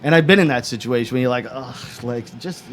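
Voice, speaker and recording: A man's voice: medium pitch, a little fast, fairly bright tone, slight background noise. A man co-hosting a podcast, ranting emphatically and profanely in casual chat. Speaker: podcast co-host.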